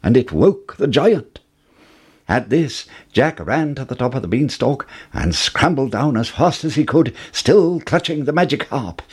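A man narrating a children's fairy tale, measured and expressive, building suspense. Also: medium pitch, husky. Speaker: storyteller.

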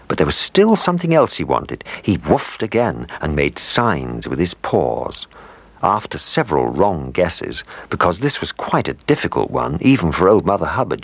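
A man reading a children's story aloud, gentle and animated, with playful asides to the listener. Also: low voice, breathy edge, no room sound. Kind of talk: scripted storybook narration.

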